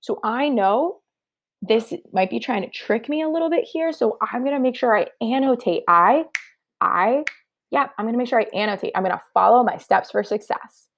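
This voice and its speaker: A woman's voice: on the high side, expressive, moderate pace. A woman teacher giving a third-grade math review lesson, upbeat and encouraging, talking through each step aloud.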